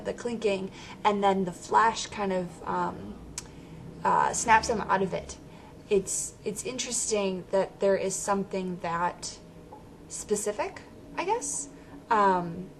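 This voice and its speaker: A woman talks through a film review in a loose, rambling way, often stopping to restart her sentences. Her voice sits at an ordinary middle pitch. A faint hiss runs behind her. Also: gravelly. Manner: rambling, self-interrupting, laughs often. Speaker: movie reviewer. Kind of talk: casual spoken movie review.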